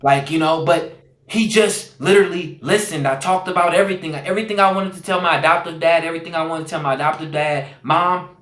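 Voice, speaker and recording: A man speaks as a podcast guest, earnest and searching, often repeating phrases and leaning on fillers. His voice sits a little high for a man. The recording carries a noticeable room echo. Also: steady tone, fast, fairly bright tone. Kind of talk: personal storytelling.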